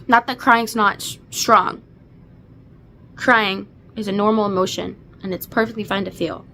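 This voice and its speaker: A woman's voice: medium pitch, steady tone, unhurried, pushed and bright, slight background noise. A woman in her twenties giving a casual, emotional book recap, gushing with lots of fillers. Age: 20s. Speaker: book reviewer.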